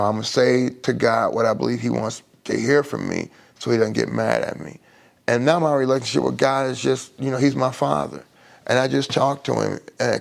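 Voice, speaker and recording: A middle-aged man with a deeply gravelly, creaky voice tells his own recovery story live. He speaks at a middling pitch and halts often, circling back and restarting his sentences as the feeling catches up with him. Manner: halting, with many restarts and fillers. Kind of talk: emotional personal testimony on a live stream.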